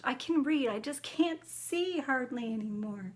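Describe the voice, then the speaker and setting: Chatty excitable woman, slightly high voice. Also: a little slow, few pauses. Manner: chatty and excitable, squeals about spiders. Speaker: cross-stitch vlogger. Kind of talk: casual haul chat.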